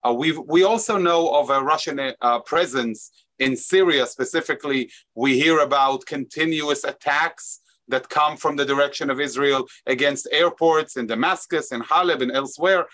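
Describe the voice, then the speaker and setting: A man interviewing a guest, asking measured, articulate questions with occasional restarts. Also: a little high, bright, forceful tone.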